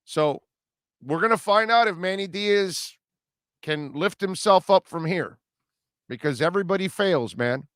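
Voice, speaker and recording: A middle-aged sports radio host with a high-set voice gives a blunt, preachy talk. He speaks close to the mic in a dry studio, hitting each point in short, emphatic bursts. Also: lively intonation, unhurried, a bit bright, no echo. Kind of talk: opinionated sports talk monologue.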